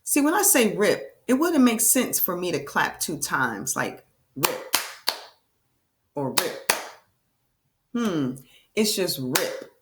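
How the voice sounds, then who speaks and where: A woman teacher giving a reading lesson to young children, with slow, enthusiastic, sing-song prompts. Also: fairly low pitch, very animated, noisy background.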